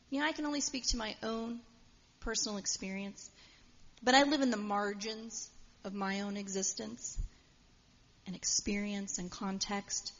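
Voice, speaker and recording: A woman's voice: mid-range voice, steady tone, normal speed. A woman preaching a sermon in a casual, storytelling way with frequent fillers, in a church. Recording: dull sound with long hall reverb.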